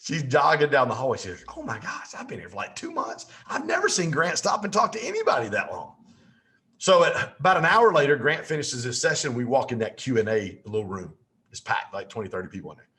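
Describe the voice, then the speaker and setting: A man telling a lively story as a podcast guest, with folksy asides. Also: mid-range voice, a little fast.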